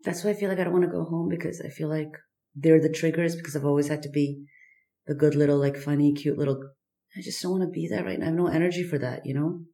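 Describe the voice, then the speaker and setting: A woman speaking candidly as a podcast guest, halting and searching, with many fillers and restarts. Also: deep voice, fairly even intonation, mellow, roomy sound. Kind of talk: candid personal conversation.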